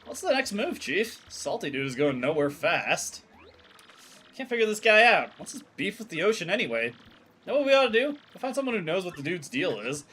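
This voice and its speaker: A man's voice: sits high, sing-song, fairly quick, bright, forceful tone, pitched above the performer's own voice, heavily acted. A man voicing a laid-back, blunt young male companion with slangy speech. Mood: restless. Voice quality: slangy, casual.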